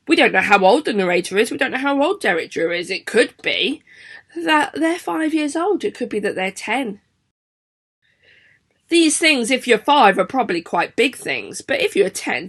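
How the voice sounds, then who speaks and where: A woman's voice: a little high, fairly bright tone. A young woman, a primary school teacher giving a chatty, encouraging video lesson to children. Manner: chatty, encouraging, sing-song questions to pupils.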